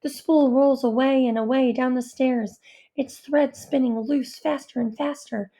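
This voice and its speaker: A female audiobook narrator reads a first-person novel aloud, her delivery earnest, introspective, and anxious. Her voice sits high and mellow, with a steady tone and a measured pace.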